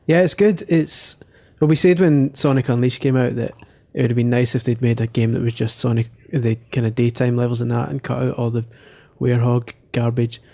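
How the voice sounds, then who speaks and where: Scottish guy, kinda gravelly voice, deadpan jokey podcast chat. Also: mid-range voice, brisk, few pauses. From Scotland. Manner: playful, deadpan joking. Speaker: games editor. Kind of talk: casual podcast banter.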